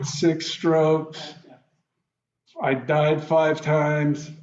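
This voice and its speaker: A man telling his own story in an interview, halting often and acting out his past reactions in quoted lines. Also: fairly high pitch, darkish tone, reverberant, dull audio, slight background noise.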